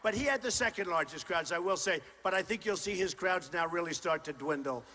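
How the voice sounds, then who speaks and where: Booming man at a rally, echoing hall. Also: brisk. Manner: punchy, repetitive, boastful, often shouting to a crowd. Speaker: political candidate. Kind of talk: campaign rally speech. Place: large indoor university venue. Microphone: stage microphone. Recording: long hall reverb with faint crowd noise.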